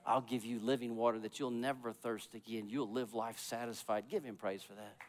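A man's voice: mid-range voice, fairly even intonation, a little fast, noisy background. Preaching man in a reverberant church. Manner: preaching with sudden loud emphatic swells and quiet drops. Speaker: pastor. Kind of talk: sermon. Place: church sanctuary.

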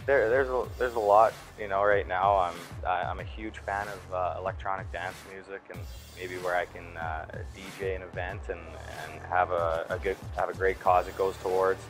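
Low-voiced young man, laid-back rambling talk. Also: steady tone, normal speed, hardly any pauses, faint music behind, low-quality recording. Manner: laid-back, rambling, many fillers and restarts. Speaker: interview guest, hockey player. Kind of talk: casual interview chat.

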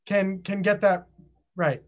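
Host on a video call, playful and chatty, keeps tossing questions to the group, mid-pitched voice. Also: fairly even intonation, slow. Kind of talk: casual group chat.

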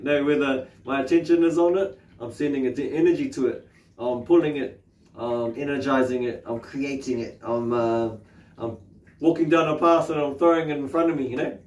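A man's voice: mid-range voice, a little mellow, far from the mic. A man giving a casual spiritual talk as a meditation teacher, swearing, laughing often and rambling with many fillers. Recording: roomy sound from off the mic.

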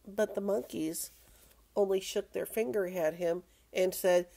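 An older woman reading a children's picture book aloud in a slow, playful, expressive way. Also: medium pitch, creaky.

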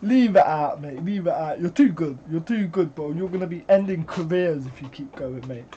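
A British man reacting to music in casual commentary, excitable and exclaiming, with frequent swearing. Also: on the high side, brisk, dull audio, slight background noise.

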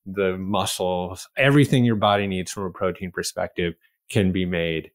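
A man's voice: low voice, fairly even intonation, normal speed, no room sound, clean studio sound. A man hosting a podcast interview, summing up points in a thoughtful, affirming way. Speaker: podcast host. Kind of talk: interview conversation.

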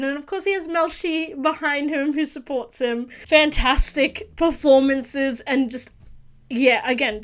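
A woman's voice: high-pitched, a bit bright. A woman hosting a casual video reaction review, talking earnestly and gushingly with many restarts and fillers. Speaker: reaction channel host.

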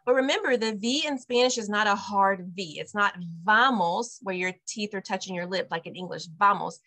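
A woman directing an online Spanish class for parents, upbeat and patient, modeling each phrase slowly over a video call. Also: medium pitch, pushed and bright. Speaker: bilingual preschool director teaching parents.

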